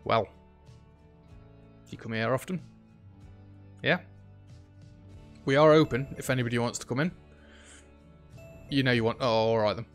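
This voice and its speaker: A man's voice: medium pitch, unhurried, pauses often, faint music behind. A man chatting and joking through a shop management game, talking to the customers on screen. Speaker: gaming YouTuber. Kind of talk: let's play commentary.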